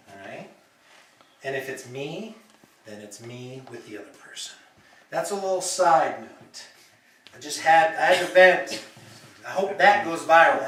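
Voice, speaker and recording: A man teaching a class, talking slowly and chattily and acting out little example sentences. His voice sits a bit high for a man. He is recorded from across an echoey classroom with some faint room noise. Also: a bit bright. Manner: chatty, explains with acted examples. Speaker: language teacher. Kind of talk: classroom lecture. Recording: echoey classroom, mic far off.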